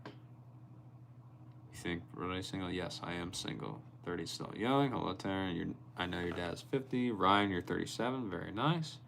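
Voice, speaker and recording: A young man with a low voice, hosting a casual live stream. He reads out his viewers' comments and answers them by name, and sometimes gets animated while telling a story. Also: measured pace, gravelly, a little hiss or hum. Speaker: livestreamer reading chat.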